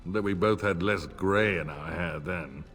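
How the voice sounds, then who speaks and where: An actor playing an older noble vassal lord in a fantasy game, formal, polite and deferential. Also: male voice, sits low, unhurried, fairly bright tone, husky, soft background music, exaggerated voice. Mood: courtly. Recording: game audio with reverb.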